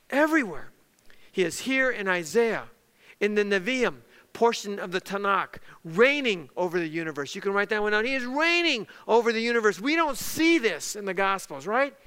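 A male preacher delivers an emphatic teaching sermon. He spells out words and drives home key terms again and again. His high, bright voice rings out in a large hall with a long reverb.

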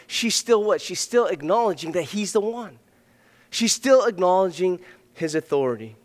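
A man preaching a sermon as pastor, earnest, swinging between loud emphatic passages and soft hushed ones. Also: high-pitched, animated, normal speed. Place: church sanctuary. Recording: long reverb of a hall.

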